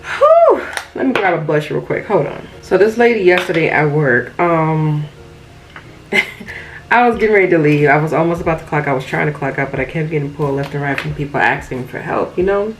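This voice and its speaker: A woman's voice: low voice, a little fast, a little hiss or hum, rough recording. Chatty young woman telling a makeup-chair story. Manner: chatty, animated storytelling with laughs and asides. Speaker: makeup vlogger. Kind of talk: casual get-ready-with-me storytime.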